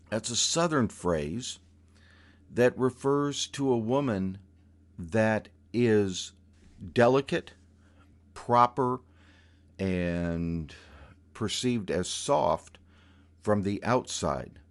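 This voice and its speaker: Slow, low-voiced male storyteller. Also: expressive. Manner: unhurried, reflective, with small restarts. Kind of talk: personal storytelling.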